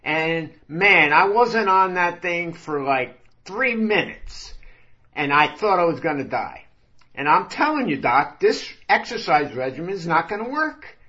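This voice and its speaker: A man's voice: a little high, sing-song, unhurried, pushed and bright, muffled recording, full character voice. A man voicing a whiny middle-aged patient with a bad heart who protests and pleads his way out of exercise. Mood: grumbling.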